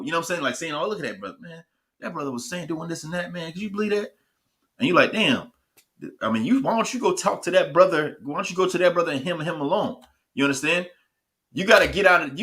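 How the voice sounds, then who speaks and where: A man's voice: fairly high pitch, sharp tone. A man teaching a scripture class, often restarting his sentences and repeatedly asking if his listeners understand.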